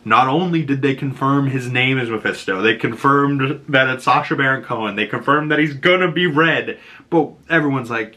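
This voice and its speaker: A man's voice: medium pitch, sharp tone. A man hosting a casual episode breakdown, talking in a chatty, rambling way full of fillers and laughing at his own jokes. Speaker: YouTube host reviewing a superhero show.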